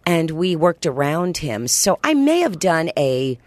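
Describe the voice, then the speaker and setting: A middle-aged woman chatting as a guest in an interview, animated and quick to jump up in pitch. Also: no room sound. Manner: animated, pitch jumps high when excited. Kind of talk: casual interview chat.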